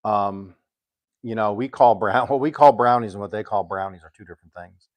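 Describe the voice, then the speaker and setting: Older male home cook, low-pitched, loose and chatty, lots of ums as he reads aloud. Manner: rambling and chatty, pausing with ums while reading aloud. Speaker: home cook hosting a live stream. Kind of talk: casual cooking live-stream chat.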